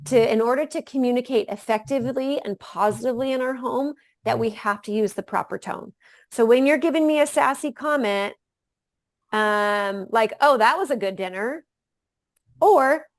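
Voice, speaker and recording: A mother speaks as a guest on a podcast, loud and energetic by her own account. Her voice sits a little high, and she chats casually about family life at home. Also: dry recording, clean studio sound. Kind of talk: casual conversation.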